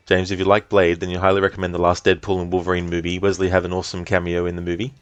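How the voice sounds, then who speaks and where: Low-voiced man chatting on a game stream. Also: racing, no room sound, muffled recording. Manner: relaxed, chatty, reads chat aloud, swears, laughs often. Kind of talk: casual live-stream chat.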